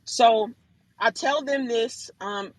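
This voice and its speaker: A woman hosting a live audio chat room, telling her side of a dispute in an animated, emphatic way and often calling her listeners y'all. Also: on the high side, takes it slowly, no room sound, rough recording.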